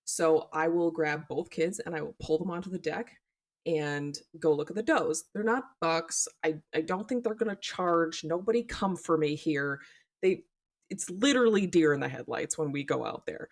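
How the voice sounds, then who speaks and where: Young woman podcast cohost, lowish voice, animated storyteller, swears a lot. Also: normal speed. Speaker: podcast co-host. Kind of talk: casual chat.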